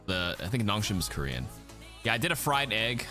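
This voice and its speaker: Low-voiced streamer dude rambling to chat, swears a lot, voice bounces around, bit of music behind. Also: male voice, big pitch swings, fairly quick, bright, forceful tone. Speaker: streamer hosting a watch party. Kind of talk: casual chat.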